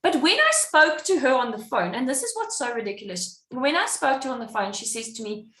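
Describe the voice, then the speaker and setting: A woman's voice: high-pitched, brisk, echoey room. A woman guest on a podcast, telling a personal story in casual chat and acting out what other people said. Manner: animated, acts out what others said. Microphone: podcast microphone.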